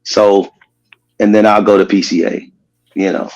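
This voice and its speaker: A man's voice: on the low side, level tone, measured pace, darkish tone, lo-fi sound. Brief: playful, laughing man, casual interview guest. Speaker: cigar brand owner.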